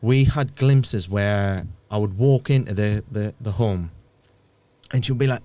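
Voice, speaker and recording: A man, a podcast guest, telling a painful personal story in a halting way, often repeating words and dropping almost to a murmur. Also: fairly low pitch, warm tone.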